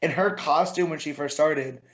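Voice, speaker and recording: A man on a podcast chatting with eager enthusiasm. His voice sits a little high for a man and comes through a dull, lo-fi microphone. He talks loosely, with fillers. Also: normal speed. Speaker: podcast co-host. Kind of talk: casual chat.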